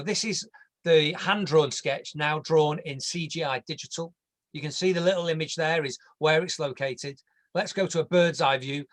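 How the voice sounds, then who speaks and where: Chatty English man presenting a design. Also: a little high. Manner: jokey, conversational, stumbles over words. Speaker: landscape architect presenting a design.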